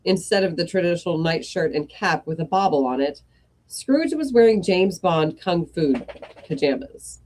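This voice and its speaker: A woman reading a comic story aloud in a measured storybook style. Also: on the low side, animated, darkish tone.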